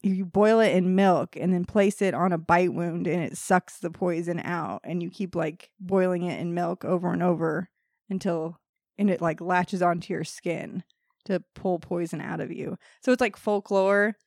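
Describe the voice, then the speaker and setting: A woman's voice: fairly low pitch, steady tone, moderate pace, darkish tone, no echo, clean studio sound. A woman hosting a podcast, reading a history story from notes and breaking into laughing banter with her co-hosts.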